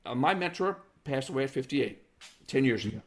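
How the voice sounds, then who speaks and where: A man hosting a podcast, talking in a reflective, conversational way about his own career. His voice has a gravelly, creaky edge at a middle pitch. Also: lively intonation, a little fast. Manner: affirming listener, reflective when sharing his own story. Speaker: podcast host. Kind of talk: conversational interview.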